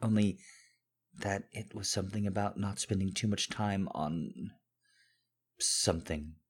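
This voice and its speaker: A man's voice: low voice, a little slow, husky, heavily acted. A man voicing a flustered, pleading young man. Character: nervous eager young man, flustered student.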